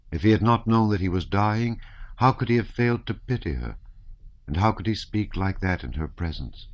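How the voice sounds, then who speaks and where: A man narrating a classic novel as an audiobook in a measured, even reading. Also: deep voice, dry recording. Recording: slightly dull, dry recording.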